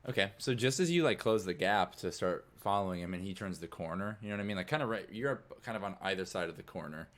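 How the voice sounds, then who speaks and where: A man's voice: sits low, expressive, quick pace, fairly bright tone. A man narrating as game master in a tabletop game, loose and casual.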